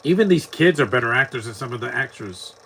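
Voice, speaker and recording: A man's voice: mid-range voice, animated, fast, a bit bright, slight background noise. A man giving casual live commentary over a movie, mocking scenes and laughing often.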